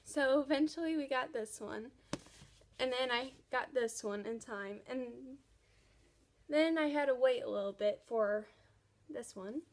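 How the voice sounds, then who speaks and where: A woman's voice: high-pitched, measured pace. A young woman vlogging casually about a book series she loves, gushing with enthusiasm. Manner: gushing, enthusiastic fan talk. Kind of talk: casual chat.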